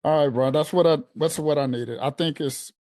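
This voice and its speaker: A man's voice: fairly high pitch, normal speed, a little mellow, dry recording. Earnest man in his forties, dry sound. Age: 40s. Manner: earnest, reflective, a bit anxious. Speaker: coaching client. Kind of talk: coaching call.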